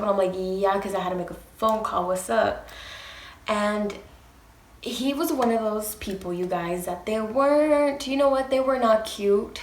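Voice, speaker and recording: A woman's voice: medium pitch, normal speed, echoey room. Chatty woman telling a storytime. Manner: animated, profane, talks straight to viewers. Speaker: storytime vlogger. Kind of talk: casual storytime.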